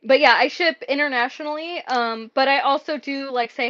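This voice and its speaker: A woman's voice: high-pitched, normal speed, few pauses, a bit bright, muffled recording. A woman chatting casually on a live stream while packing craft orders, rambling with lots of fillers. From Mexico. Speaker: craft shop owner streaming.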